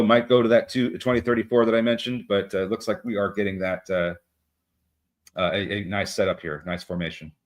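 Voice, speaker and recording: A man co-hosting a live trading stream, talking casually with many fillers and small jokes. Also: lowish voice. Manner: rambling, many fillers, self-deprecating jokes. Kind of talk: casual market commentary.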